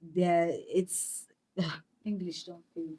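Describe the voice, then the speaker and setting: A young Nigerian woman with a Nigerian accent, a guest on a podcast, telling her story in a lively way, slipping into Pidgin phrases and laughing. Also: fairly low pitch, very slow, husky. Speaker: guest actress. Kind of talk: podcast interview.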